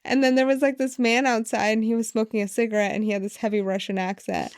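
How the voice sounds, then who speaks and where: A woman in her thirties, a lawyer co-hosting a podcast, telling stories in an animated, laughing way. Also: a little high, fast talker, smooth, dry recording, clean studio sound. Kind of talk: casual podcast chat.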